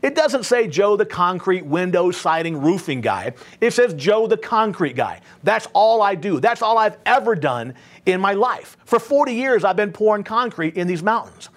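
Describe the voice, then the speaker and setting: A man's voice: high voice, very animated, moderate pace. A man quoting an easygoing old concrete guy. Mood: matter-of-fact. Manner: plain-spoken, matter-of-fact. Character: laid-back older mountain concrete contractor.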